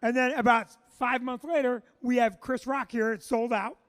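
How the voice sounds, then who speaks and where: Jersey club owner guy, really high voice, cursing his way through a funny story on stage. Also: fairly even intonation, normal speed. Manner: profane, boisterous, acts out the people in his stories. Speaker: comedy club owner and show host. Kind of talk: live comedic storytelling. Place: live show with a room audience.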